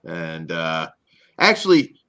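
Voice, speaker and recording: Male podcast co-host, hoarse, lively pitch, trails off into mutters. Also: slow. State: voice going hoarse. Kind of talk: casual banter.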